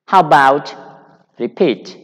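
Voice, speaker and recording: A man with a Cambodian accent teaching English grammar, explaining slowly and repeating each point. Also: fairly high pitch, animated. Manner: slow, repetitive, deliberate explaining. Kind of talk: grammar lecture. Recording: dull sound in a long-reverb hall.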